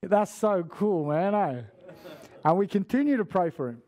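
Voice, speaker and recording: A man gives a sermon in a church, his voice sitting a little high. He tells stories in a loose, chatty way, full of slang and false starts. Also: animated, normal speed, a little mellow. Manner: chatty, slangy, restarts often. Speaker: guest preacher. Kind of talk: casual sermon storytelling.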